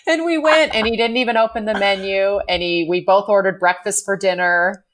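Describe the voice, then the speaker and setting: A woman's voice: mid-range voice, little pitch movement, brisk, fairly bright tone, a little hiss or hum. An American woman in her forties telling a story in a casual chat, laughing often and peppering her talk with "like". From United States. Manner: chatty, laughs often, fills with "like". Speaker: guest.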